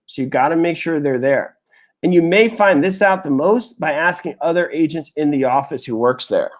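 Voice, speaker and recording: A man's voice: on the high side, darkish tone. Chatty man hosting a webinar. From New York. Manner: chatty and emotional, addresses viewers as "you guys". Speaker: webinar host. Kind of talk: live webinar lesson.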